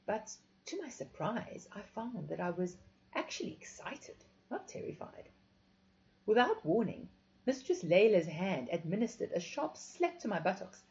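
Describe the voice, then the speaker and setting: Woman reading a first-person story, expressive and confessional, muffled lo-fi audio. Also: medium pitch, measured pace. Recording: dull lo-fi recording.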